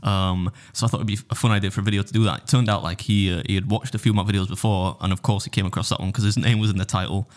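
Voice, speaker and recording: Fast-talking jokey young man. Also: low voice, fairly even intonation. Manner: jokey, self-mocking asides. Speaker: podcast co-host. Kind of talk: casual chat.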